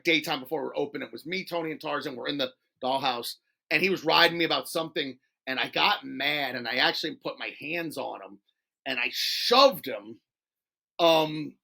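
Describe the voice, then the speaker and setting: Give me an animated man telling wild stories as a guest, with a bright, tense edge to his voice. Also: a little high, creaky. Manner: animated, swears, laughs mid-story, acts out quotes. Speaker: podcast guest. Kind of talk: casual storytelling interview.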